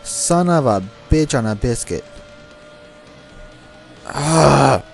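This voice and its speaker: A young man talks his way through a racing game, muttering and cursing at rival cars. His delivery is unhurried and drawn out, his pitch mid-range. Faint game music runs underneath. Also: expressive, gravelly. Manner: frustrated, swearing, talking to the game. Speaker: gameplay commentator. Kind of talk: let's play commentary. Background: game music and car sounds.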